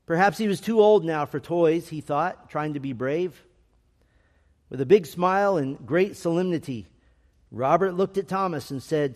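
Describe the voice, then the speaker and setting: A man with a slightly high voice tells a family story in a gentle, measured way. Each line trails into a long reverb. He reads like a patient storyteller and voices the quotes himself. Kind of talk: storybook narration.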